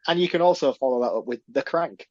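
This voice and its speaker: A man co-hosting a casual podcast, easygoing and quick with a dry joke. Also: mid-range voice, darkish tone, no room sound. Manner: easygoing, laughs along, wry asides. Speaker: podcast co-host. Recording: dull, dry sound.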